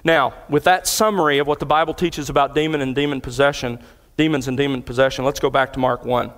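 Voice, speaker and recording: A man's voice: medium pitch, fairly even intonation, fast talker, fairly bright tone. Man preaching in a reverberant hall. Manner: earnest, builds in intensity when retelling. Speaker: pastor. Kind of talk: expository sermon. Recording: long reverb of a large hall.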